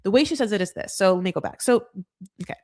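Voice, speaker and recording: A woman hosts a casual reality TV recap, rambling chattily with plenty of fillers and acting out cast members in quick quoted voices. Her medium-pitched voice is expressive and a little mellow, recorded with clean studio sound and no room sound.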